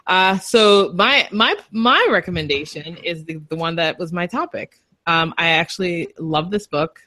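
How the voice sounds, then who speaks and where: A woman's voice: lowish voice, measured pace, pushed and bright, no echo. A young woman co-hosting a podcast in casual chat, rambling and laughing easily. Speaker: podcast co-host.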